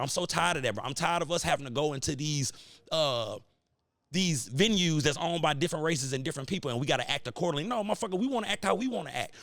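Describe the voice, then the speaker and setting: A man's voice: a little high, fairly bright tone, no echo. A man hosting a podcast, delivering a heated, profane, preachy sports rant in AAVE. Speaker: podcast host. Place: cigar lounge studio.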